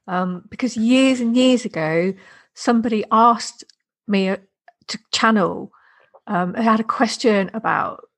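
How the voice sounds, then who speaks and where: A woman's voice: medium pitch, a bit bright. A woman hosting a spiritual podcast, chatty and enthusiastic, laughing often. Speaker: podcast host. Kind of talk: casual spiritual conversation.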